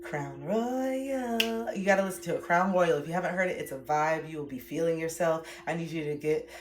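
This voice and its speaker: A woman's voice: deep voice, fairly even intonation, quick pace. A woman in her thirties, a relationship coach, giving blunt, emphatic motivational talk on a livestream and swearing freely. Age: 30s.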